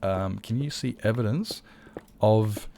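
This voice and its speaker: A man's voice: on the low side, takes it slowly, creaky, warm tone, a little hiss or hum. A man chatting casually to viewers while streaming a game, rambling, swearing freely and correcting himself mid-sentence. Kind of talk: casual live-stream chat.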